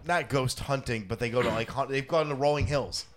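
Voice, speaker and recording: A man from Rochester co-hosting a casual podcast, speaking in a mid-range voice. His delivery is relaxed and halting, with frequent fillers and restarts. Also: medium pitch. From Rochester, New York. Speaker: podcast co-host. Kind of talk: casual chat.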